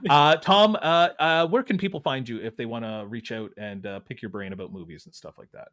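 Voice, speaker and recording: A man's voice: mid-range voice, fairly quick, fairly bright tone. A man hosting a podcast in casual chat, laughing often and filling gaps with uh and um. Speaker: podcast host.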